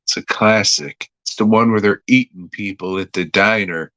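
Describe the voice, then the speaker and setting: A man's voice: lowish voice, moderate pace, sharp tone, no echo. A man hosting a podcast, recapping a TV episode in a rambling, profane, jokey way. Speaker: podcast host reviewing a TV episode.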